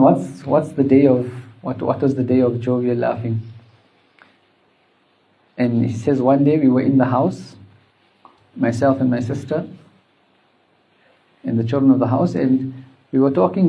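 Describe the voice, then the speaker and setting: A man with a gravelly voice of middling pitch teaches a religious lesson. He tells the stories at a measured pace and slips into quoted dialogue along the way. The recording sounds dull and lo-fi. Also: fairly even intonation.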